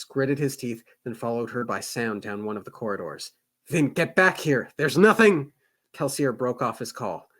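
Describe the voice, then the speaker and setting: A man co-hosting a book club show, reading a novel aloud with expressive, animated reactions. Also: mid-range voice. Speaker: podcast co-host reading aloud.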